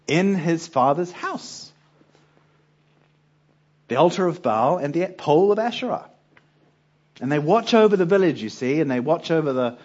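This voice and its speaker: Lively husky-voiced male preacher. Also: on the high side, muffled recording. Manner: conversational, with frequent rhetorical questions to listeners. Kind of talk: Bible teaching talk.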